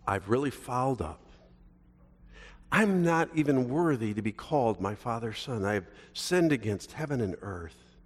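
Casting note: a man doing a contrite young son, soft and pleading, middle pitch, long hall reverb. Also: lively intonation, moderate pace, lightly acted. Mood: remorseful. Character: remorseful young man begging his father's forgiveness.

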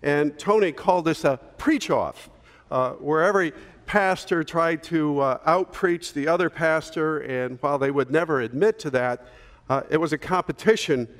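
Male pastor telling a story in his sermon, kinda high voice, long echo in the church. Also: moderate pace. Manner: storytelling, conversational with fillers.

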